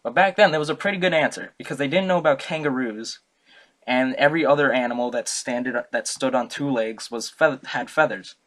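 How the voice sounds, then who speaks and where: Young man, student presenter, casual comic talk, rambling, self-correcting, mid pitch. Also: a little fast, fairly bright tone. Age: young adult.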